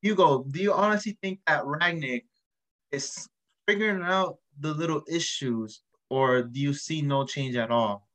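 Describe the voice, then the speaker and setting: A man's voice: on the high side, unhurried, a bit bright, poor audio. A man hosting a casual podcast chat, asking questions and steering the talk to others. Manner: questioning, leads the discussion. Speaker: podcast host.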